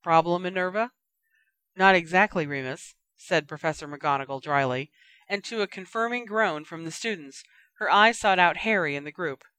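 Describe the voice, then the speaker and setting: A woman narrating a story in an even, measured reading. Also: low-pitched, no room sound. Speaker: audiobook reader.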